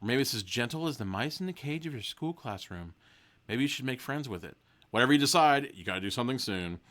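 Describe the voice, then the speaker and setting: A man's voice: medium pitch, animated, quick pace, a bit bright. Profane rambling man reading a gamebook. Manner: swears freely, rambling tangents, mock-dramatic reading. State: sleep deprived and hungry. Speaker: podcast host reading a gamebook aloud. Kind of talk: live comedic read-along with profane asides.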